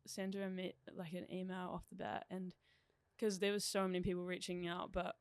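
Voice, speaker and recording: A young woman with a New Zealand accent, chatting excitedly as a podcast guest, laughing often and saying "like" a lot. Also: lowish voice, fairly quick, no room sound. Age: young adult. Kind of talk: casual chat.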